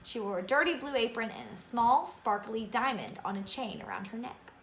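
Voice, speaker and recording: A woman reading a children's novel aloud in an expressive way, with asides to her listeners. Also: a little high, normal speed, gravelly, echoey room, a little hiss or hum. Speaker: reader of a children's book.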